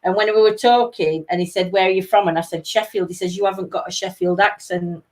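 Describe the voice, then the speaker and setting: A woman's voice: mid-range voice, fairly even intonation, quick pace, darkish tone. Chatty middle-aged Yorkshire woman. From East Yorkshire, England. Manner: chatty storyteller, laughs often. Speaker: livestream co-host. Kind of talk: casual chat.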